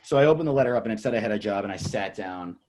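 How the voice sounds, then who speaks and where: A young man tells a long, rambling story, full of swearing, and he acts out every person in it. His pitch leaps up and down, from low mutters to high yelps. It sounds like casual podcast talk. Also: very fast. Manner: animated storyteller, acts out quoted people, swears a lot. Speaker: comedian guest.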